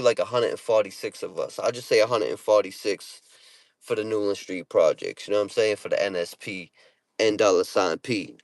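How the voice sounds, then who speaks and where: A man's voice: medium pitch, dry recording. Blunt, foul-mouthed Boston man. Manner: blunt, heavy swearing, street slang. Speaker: rapper answering comments. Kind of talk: casual storytelling to viewers.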